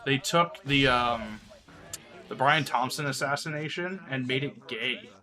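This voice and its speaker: A man's voice: mid-range voice, unhurried, sharp tone. A sick man streaming live, rambling crudely in casual chat and laughing often.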